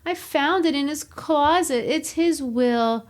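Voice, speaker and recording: Woman doing a sly Roman speechmaker, Southern belle drawl, raised pitch, slow, put-upon sorrow. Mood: coyly grieving. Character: scheming male Roman orator, falsely sorrowful. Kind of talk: dramatic reading of play lines.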